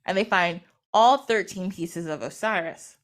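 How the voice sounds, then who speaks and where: A woman's voice: fairly low pitch, measured pace. Chatty woman telling a story. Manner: chatty, retells events through quoted dialogue. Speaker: podcast host or guest. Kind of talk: casual storytelling.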